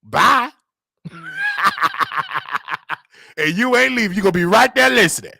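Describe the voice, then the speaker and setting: Screaming high-pitched preachy man. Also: fast talker, gravelly, no echo. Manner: shouting, preachy, animated, scolding listeners. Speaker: show host. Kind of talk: loud live-stream commentary.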